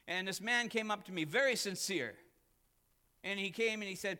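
A man's voice: sits high, normal speed. Dynamic male pastor preaching in a reverberant church. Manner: dynamic preaching, swinging from loud emphatic peaks to hushed asides. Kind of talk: sermon. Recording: long reverb of a church hall.

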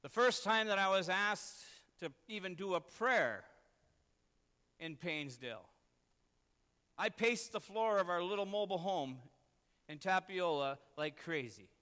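A man's voice: high voice, animated, a little slow, pauses often, bright, forceful tone, smooth, in a large hall. A man, preaching a sermon as a pastor and telling a personal story in an earnest, self-deprecating way.

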